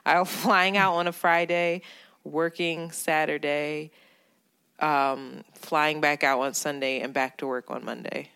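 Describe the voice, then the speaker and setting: A woman co-hosting a podcast, chatting casually with a friend. Her voice is bright and forward, and she laughs easily. She acts out other people's lines as she tells stories. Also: deep voice, takes it slowly, clear, resonant tone. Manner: animated, laughs often, quotes people in voices. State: overworked, on edge. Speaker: podcast co-host. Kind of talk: casual banter.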